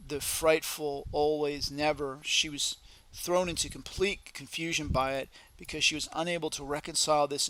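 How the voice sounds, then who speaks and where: Guy reading a devotional text, solemn and deliberate, bright slightly high voice. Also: poor audio. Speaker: reader.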